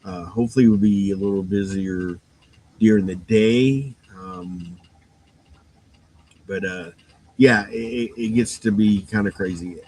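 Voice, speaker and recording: A man's voice: fairly low pitch, fairly even intonation, a little slow, pauses often, a little mellow, rough recording. A man who runs a game store, giving a rambling, casual shop update full of fillers and restarts and sounding a bit tired. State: yawning, tired.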